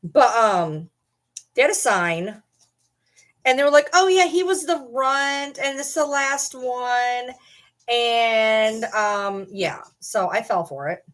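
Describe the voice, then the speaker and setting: Woman host, casual at-home vlog, loose rambling delivery with offhand swearing, a touch high-pitched. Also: takes it slowly, a bit bright. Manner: rambling, swears casually, talks to her dog mid-sentence. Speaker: channel host. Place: at home in a chair with her dogs.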